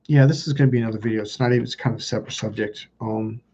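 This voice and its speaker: A man's voice: medium pitch, steady tone, warm tone, lo-fi sound, a little hiss or hum. A man hosting a self-help video, telling personal stories in a blunt, profane, casual way. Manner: blunt and profane, quick asides. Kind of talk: casual confessional storytelling.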